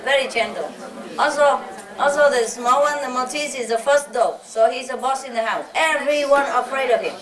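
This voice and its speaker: A woman with a fairly high voice chats fondly to a gathered audience, chuckling often as she tells her stories. She is picked up from a distance in a roomy hall. The audience laughs along. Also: moderate pace, crowd noise. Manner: chuckles often, playful and fond. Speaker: spiritual teacher speaking to a gathering. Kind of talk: casual anecdotal talk to an audience.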